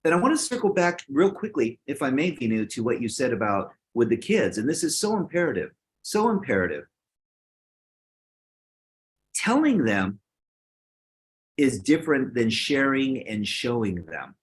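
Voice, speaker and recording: A man's voice: medium pitch, very animated. A man co-hosting a casual talk show, speaking in an emphatic, motivational way. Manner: emphatic, motivational, quick bursts. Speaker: co-host. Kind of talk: casual chat.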